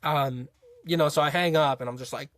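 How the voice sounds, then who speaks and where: Chatty young man, slightly high voice. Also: a little fast, fairly bright tone, no room sound, clean studio sound. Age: young adult. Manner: rambling, filler-heavy retelling with frequent restarts. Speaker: interview guest, college football player. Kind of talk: casual storytelling in an interview.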